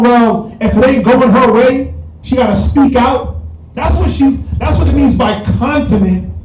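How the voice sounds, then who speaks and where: A man's voice: very high voice, darkish tone. A man teaching a sermon to a congregation in a casual, slangy, rhetorical way. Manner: conversational street slang, rhetorical. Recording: echoey distant lo-fi room recording.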